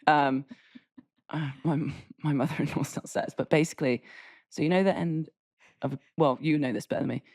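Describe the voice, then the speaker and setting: A woman's voice: deep voice, fairly even intonation, a little fast, a little mellow, dry recording, clean studio sound. A woman with a Derby accent co-hosting a podcast, chatting casually and explaining slang with easy laughs. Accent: Derby English. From England. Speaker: podcast co-host. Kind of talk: casual chat.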